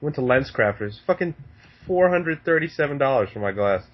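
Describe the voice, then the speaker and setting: A man's voice: mid-range voice, animated, fairly quick. A man telling a story in casual chat, swearing often and laughing. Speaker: podcast guest. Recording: dull lo-fi sound.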